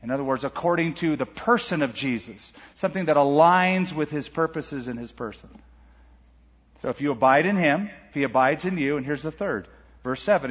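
A middle-aged man preaching a sermon as pastor, animated, asking rhetorical questions and reading scripture aloud. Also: fairly high pitch, fairly quick, slightly rough. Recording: lo-fi church recording with long hall reverb.

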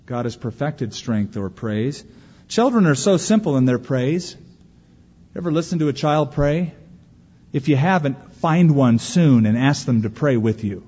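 A man's voice: fairly high pitch, unhurried, husky. A pastor giving a sermon to his congregation, telling stories and acting out children's words. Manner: storytelling, animated when quoting children. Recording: muffled hall recording with long reverb.

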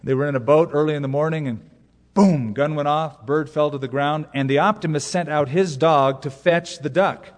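A pastor with a slightly high voice tells jokes and stories during his sermon, speaking at a normal speed. He leans on emphatic repetition, and the recording carries the long echo of a big hall.

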